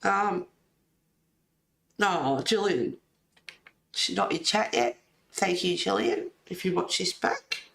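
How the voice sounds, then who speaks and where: A woman hosts a live colouring stream from a table in a room at home, chatting casually, reading and answering viewers' messages, and laughing often. Her medium-pitched, gravelly voice is fairly bright and lively in intonation, and she speaks slowly with long pauses. The room is echoey, with slight background noise.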